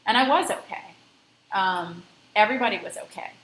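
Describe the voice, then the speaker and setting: A woman's voice: medium pitch, expressive, normal speed, fairly bright tone, roomy sound, poor audio. A woman scuba instructor lecturing a class, telling a personal story in a conversational way and stressing safety. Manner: conversational, emphatic about safety.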